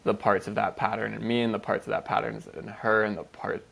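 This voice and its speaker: A man co-hosting a podcast in an easygoing, rambling chat. His voice sits low with a gravelly fry. He swears casually and leans heavily on "like" between his thoughts. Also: level tone, a little fast, fairly bright tone. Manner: loose, profane, heavy "like" fillers. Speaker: podcast co-host.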